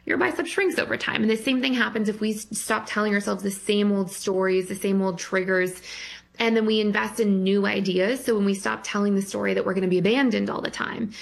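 Gravelly-voiced woman therapist explaining. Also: mid-range voice, steady tone, a little fast. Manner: explanatory, laughs easily. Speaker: guest therapist. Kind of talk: explaining on a radio call-in show.

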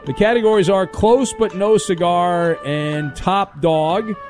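A radio host with a high voice and darkish tone speaks slowly, with faint music playing behind him. He's running a quiz game on a sports radio show, playfully teasing the players as he goes.

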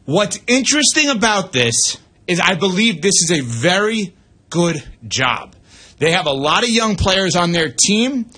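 A man hosting sports radio, reading the news and then giving brisk, opinionated analysis with asides into a studio mic. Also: sits high, big pitch swings, pushed and bright.

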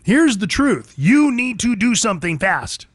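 A man's voice: high-pitched, big pitch swings, unhurried, fairly bright tone, no echo, clean studio sound. A man hosting a talk radio show, delivering an emphatic, opinionated monologue full of repetition.

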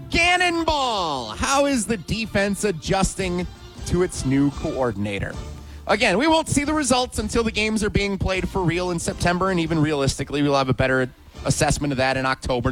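An energetic male sports radio host with a somewhat high voice, running down his questions with emphatic punch and repeated rhetorical asks. Faint music plays under him in the studio. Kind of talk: sports talk radio segment.

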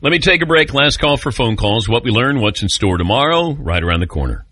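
Lively middle-aged male radio host. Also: medium pitch, no echo, clean studio sound. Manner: joking, self-mocking, quick back-and-forth. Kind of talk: casual talk radio chat.

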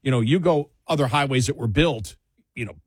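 A man's voice: medium pitch, fairly quick, husky, no room sound, studio quality. A man, co-hosting a casual chat, rambling with many restarts and laughing often.

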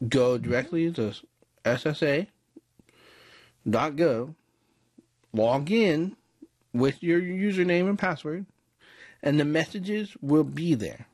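A man's voice: on the high side, takes it slowly, long pauses, a little mellow, dry recording. Man with brief joking asides, dry sound. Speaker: podcast co-host. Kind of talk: casual chat.

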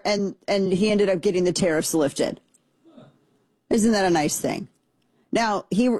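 A woman's voice: mid-range voice, darkish tone, no echo. A middle-aged woman hosting casual political commentary, chatty and opinionated, with frequent restarts and asides.

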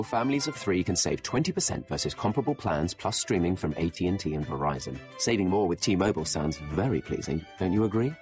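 A man reads a radio commercial with a playful, tongue-in-cheek lilt. His voice is very low yet swings widely in pitch. Clear music plays beneath him. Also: sing-song, brisk, darkish tone.

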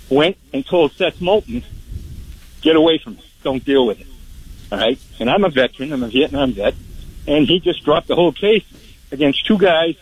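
A man in his seventies calling in to a radio talk show, earnest and blunt, slowing down to stress names. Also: a little high, slightly rough, low-quality recording. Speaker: caller. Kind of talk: call-in radio complaint.

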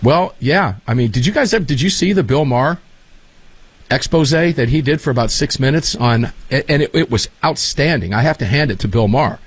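Guy hosting a chatty show, pitch jumps all over, kinda husky, dry sound. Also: a little fast, no echo. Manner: animated storyteller, enthusiastic. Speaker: show host. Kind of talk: casual talk show chat.

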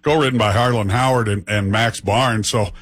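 A man's voice: fairly low pitch, steady tone, moderate pace, a bit bright. A man hosting an interview, answering with brief, encouraging replies. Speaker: interview host. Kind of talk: casual interview.

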